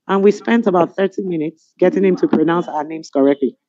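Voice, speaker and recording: A middle-aged Nigerian woman on a webinar panel, telling stories in an animated, amused way over a video call. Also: mid-range voice, fairly quick, hardly any pauses, dry recording. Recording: dull lo-fi video call audio.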